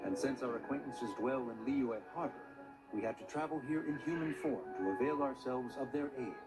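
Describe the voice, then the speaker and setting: An aloof ancient beast adept, as a man voices it speaks in measured, archaic phrases at a middle pitch. Its formal, lofty manner stays steady throughout. Loud game music plays underneath. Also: lightly acted, poor audio. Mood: grave. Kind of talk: game cutscene dialogue.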